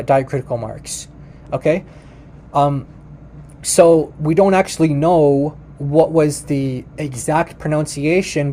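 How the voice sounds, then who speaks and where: A man's voice: a little high, dark tone, slight background noise. A man hosting a reaction video who talks casually over it and is emphatic when he corrects the claims in it.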